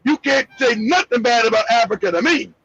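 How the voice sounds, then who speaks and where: An American man with a very high, gravelly voice hosts a live talk over a video call. He tells stories with profane emphasis and often shouts, laughing along as he goes. The call audio is muffled and husky. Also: expressive, fairly quick. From United States. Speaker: show host. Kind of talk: passionate storytelling in a live discussion.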